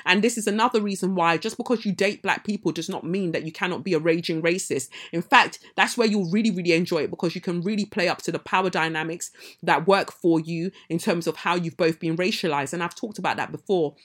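Emphatic woman podcaster, low-ish voice. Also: fast talker. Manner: emphatic, heated, rises in pitch and loudness when indignant. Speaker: podcast host. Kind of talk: casual storytelling monologue.

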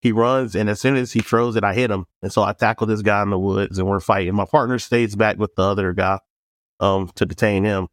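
A man with a fairly low voice tells a story casually to a podcast host. He acts out the people in it with changing voices. He swears freely, and his voice sounds dry and close to the mic. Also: brisk, no room sound. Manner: animated, acts out dialogue in quoted voices. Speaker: podcast guest, former police officer.

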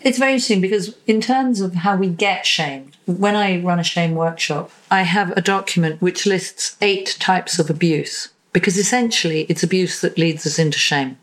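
A woman therapist talking as a podcast guest, animated, acting out little voices in her examples. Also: on the low side, normal speed, hardly any pauses, poor audio. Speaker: psychosexual and relationship therapist, guest. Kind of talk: conversational podcast interview.

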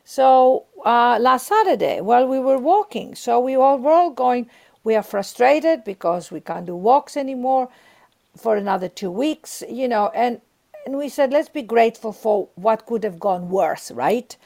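Creaky-voiced woman speaking earnestly. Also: on the high side, expressive, unhurried, darkish tone. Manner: earnest, emphatic, acts out inner voices. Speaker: guest author and speaker. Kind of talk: warm spiritual interview talk.

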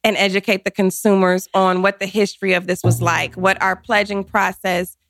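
A woman in her forties, a guest telling her career story in an interview, animated and quick to act out what people said. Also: mid-range voice. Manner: animated, acts out quotes, laughs often.

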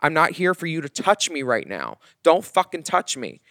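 A man's voice: a little high, normal speed, dry recording, clean studio sound. A man co-hosting a podcast, telling a story in casual gossip chat and acting out the people in it. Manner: animated storyteller who acts out the other people in his stories. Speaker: podcast co-host.

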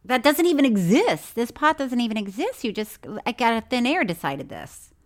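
A woman co-hosting a podcast, chatting in an animated, incredulous and teasing way. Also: a little high, moderate pace. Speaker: podcast co-host. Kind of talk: casual chat.

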